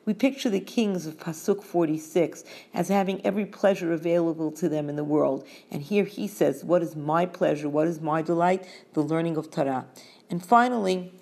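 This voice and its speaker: A woman teaches scripture verse by verse, slightly low in pitch with a gravelly edge of vocal fry. She reads each line in Hebrew, then explains it in a measured, steady way. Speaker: Torah teacher.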